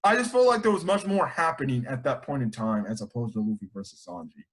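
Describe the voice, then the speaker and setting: A man hosting an anime review, talking in an excitable, slangy, rambling way full of restarts. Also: medium pitch, fast talker. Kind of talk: casual chat.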